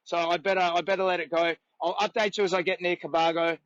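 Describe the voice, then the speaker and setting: A man's voice: high-pitched, level tone, quick pace, fairly bright tone, smooth, no echo, muffled recording. An Australian man livestreaming from a roadside on a long charity walk, rambling earnestly and chatting with passers-by. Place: outdoors by a road.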